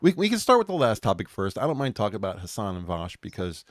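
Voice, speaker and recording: A man's voice: lowish voice, wildly swooping pitch, fast, no room sound. A man hosting a casual political chat stream, rambling with many fillers and restarts and laughing at himself. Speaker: podcast host.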